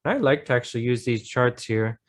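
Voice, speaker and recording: A man's voice: mid-range voice, animated, fairly quick. A man with an American accent tutoring a student in math, patiently thinking aloud step by step and encouraging her. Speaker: math teacher. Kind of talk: online tutoring lesson.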